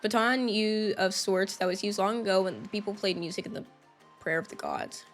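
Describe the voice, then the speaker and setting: A solemn old talking boat guiding a young hero through a game, as a woman streamer reads his lines in a plain voice. The delivery stays even and unforced. Faint game music plays underneath. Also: mid-range voice, moderate pace, close to an everyday voice. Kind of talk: reading game dialogue aloud.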